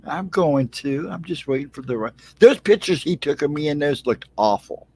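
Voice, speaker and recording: A man's voice: fairly high pitch, animated, moderate pace, a little mellow, husky, no echo. A man co-hosting a live stream, chatting casually in short, laid-back replies. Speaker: co-host guest. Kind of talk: casual chat.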